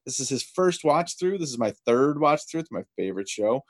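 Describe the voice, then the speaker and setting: A man's voice: medium pitch, sing-song, brisk. A man hosting a casual TV recap podcast, enthusiastic and rambling, often restarting his sentences. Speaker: podcast host.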